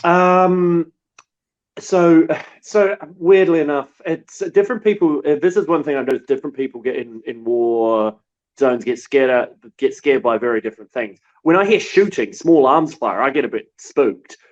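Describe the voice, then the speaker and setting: A man from New Zealand, a war correspondent, telling stories in a relaxed, halting way. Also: mid-range voice, highs cut off. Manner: relaxed storytelling with many restarts. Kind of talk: casual remote interview.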